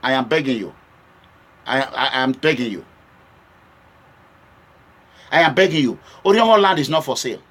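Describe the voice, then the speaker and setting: A man's voice: mid-range voice, animated, normal speed, pauses often, fairly bright tone. A Nigerian man from Edo State speaking straight to his viewers in an impassioned political address that moves between warnings and pleading. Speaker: political vlogger. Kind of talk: direct-to-camera political address.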